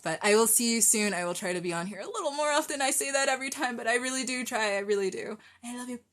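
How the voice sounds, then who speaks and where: A woman's voice: a little high, fast talker, a bit bright. A young adult woman chatting casually with viewers on a live stream from her phone, rambling and effusive.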